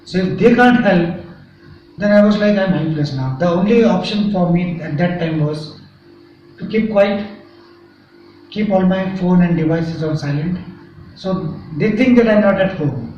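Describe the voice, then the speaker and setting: A man's voice: high voice, measured pace, pauses often, a little mellow. Man in an echoey room. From India. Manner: earnest, recounting a frightening event. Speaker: interview guest. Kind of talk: personal account in an interview. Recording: echoey, distant, muffled with faint noise.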